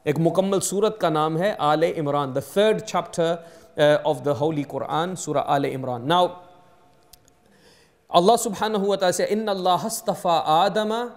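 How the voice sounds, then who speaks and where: Male imam, London accent, pitched a bit high; chatty teaching sermon that often checks in with the room. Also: fast talker. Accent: London English. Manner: conversational teaching, frequent "okay?" checks with the audience; switches into Urdu and Arabic phrases. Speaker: imam giving a mosque talk. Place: mosque hall.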